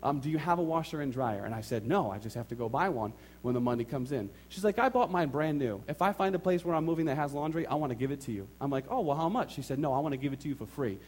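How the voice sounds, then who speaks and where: A man preaching a sermon, telling a personal story with animated acted-out quotes and repeated phrases for emphasis. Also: fairly high pitch, quick pace, few pauses. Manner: animated storytelling, acts out his own and others' quotes. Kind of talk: sermon testimony.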